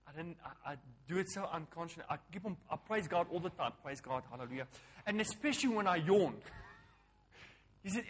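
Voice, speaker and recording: A man, preaching a sermon as a pastor, emphatic and repetitive, swinging from loud calls to hushed lines. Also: fairly high pitch, expressive, brisk, husky. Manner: repetitive, call-and-response phrasing.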